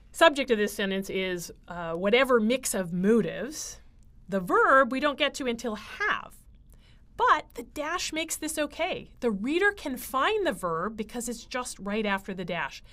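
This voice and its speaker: Lively woman teaching writing. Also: on the high side. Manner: explains step by step with frequent ums and uhs. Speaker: writing instructor. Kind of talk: recorded grammar lecture.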